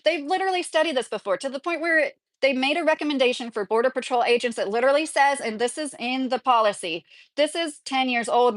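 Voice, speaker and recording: A woman's voice: on the high side, fairly bright tone, no echo, clean studio sound. A woman in her thirties from Kentucky, talking at home in a rambling, opinionated livestream chat and reading viewer comments aloud. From Kentucky, USA. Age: 30s. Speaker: vlogger.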